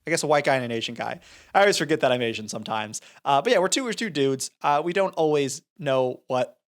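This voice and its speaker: A man co-hosting a film review podcast, retelling scenes in a rambling, animated way with many restarts. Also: mid-range voice, quick pace. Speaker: podcast co-host. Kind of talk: casual film review chat.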